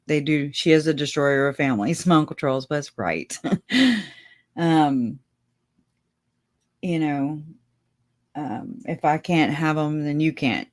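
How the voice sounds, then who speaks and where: A woman hosting a casual livestream, rambling and chatty, laughing often and talking straight to her viewers. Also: rumbling low. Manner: speaks to viewers directly. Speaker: livestream host.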